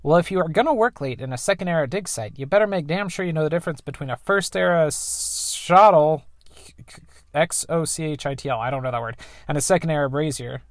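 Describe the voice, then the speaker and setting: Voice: medium pitch, brisk, dry recording, voice pushed up, natural voice. A player reading the lines of a young female courier in a video game, with a dry, sarcastic delivery. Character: young adult female courier, wry and independent. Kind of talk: reading game dialogue aloud.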